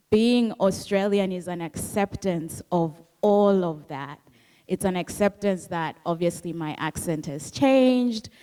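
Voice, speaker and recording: A woman's voice: on the low side, darkish tone. A woman from Zambia, an author answering a book club question in a reflective, earnest way. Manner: reflective, earnest, quotes others in livelier voice. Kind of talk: thoughtful conversational answer.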